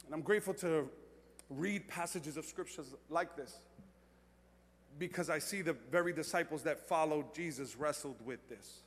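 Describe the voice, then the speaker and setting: A male pastor preaching with a high, bright voice that swells from hushed reflection into loud, rousing storytelling. His words ring out with a long reverb, as if in a big sanctuary. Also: normal speed. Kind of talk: sermon.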